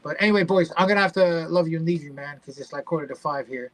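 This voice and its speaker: A man's voice: a little high, quick pace, a bit bright, no room sound, poor audio. A British man chatting casually as a podcast guest, talkative and swearing freely. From United Kingdom. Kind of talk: casual chat.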